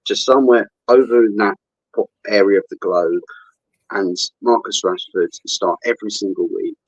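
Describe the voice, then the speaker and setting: A man's voice: on the low side, moderate pace, dry recording, lo-fi sound. A man bantering in a casual football chat, playful and mock-theatrical.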